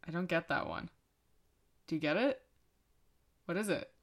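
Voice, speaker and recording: A woman's voice: on the low side, lively intonation, normal speed, pauses often. A woman co-hosting a casual podcast, reading pun lists and often dissolving into giggles. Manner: giggly, breaks into laughter while reading. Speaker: podcast co-host.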